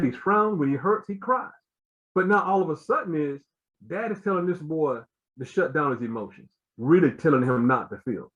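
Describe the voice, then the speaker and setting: A man's voice: on the high side, highs cut off. A man giving an earnest explanatory talk as a guest speaker, with many fillers and repeated words.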